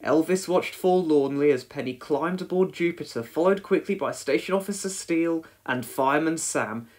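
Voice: medium pitch, normal speed. A reader narrating a children's storybook aloud and voicing every character. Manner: expressive, reads every character in a different voice.

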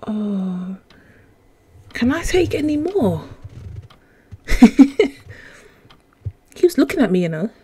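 A woman's voice: medium pitch, sing-song, slow, pauses often, warm tone, husky, low-quality recording. A young woman, commentating a horror game she is playing, jumpy and easily startled, with gasps and exclamations. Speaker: gaming YouTuber.

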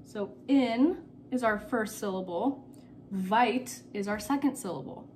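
A woman teacher giving a recorded phonics lesson to children, patient and repeating key words slowly. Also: medium pitch, darkish tone, a little hiss or hum.

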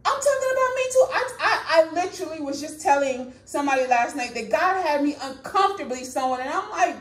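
Fervent high-voiced woman preaching. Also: sing-song, moderate pace, reverberant. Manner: fervent, emphatic, repetitive, laughs between points. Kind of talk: prophetic sermon.

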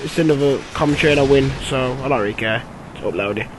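A young man giving rambling, filler-heavy commentary over his own gameplay, with bursts of excitement. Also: medium pitch, quick pace, background noise. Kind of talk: casual game commentary.

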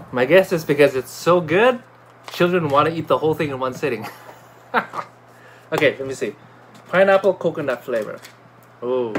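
Excitable chatty man reviewing a product. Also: on the high side, slight background noise. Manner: chatty and excitable, with many fillers and restarts.

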